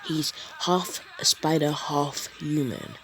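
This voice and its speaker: Young man, unhurried rambling fan-story narrator, casual and unscripted. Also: on the high side, noisy background. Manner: rambling, full of fillers and asides.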